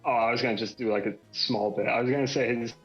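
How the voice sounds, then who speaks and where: A man playing a tabletop game, chatting casually and pitching comic bits. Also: quick pace, highs cut off, faint music behind. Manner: animated, keeps pitching bits. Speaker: player.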